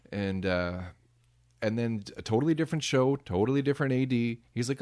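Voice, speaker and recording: A man guest telling lively stories about his work as a background performer and acting out what people said. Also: mid-range voice, a little fast, smooth. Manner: animated, acts out quoted voices. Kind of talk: casual interview storytelling.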